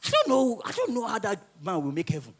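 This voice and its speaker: A male Nigerian comedian performs stand-up, telling his stories in a lively, bouncing voice. He is very high-pitched and sharp, and he often laughs mid-sentence. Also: fast talker. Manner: animated storytelling, often laughing through his lines.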